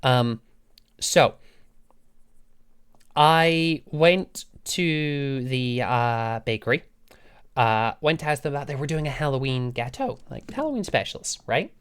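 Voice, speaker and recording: A woman's voice: extremely low pitch, slow, smooth. A woman streamer telling a story to her chat in a casual, sweary way, laughing often. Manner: animated, sweary, frequent laughs.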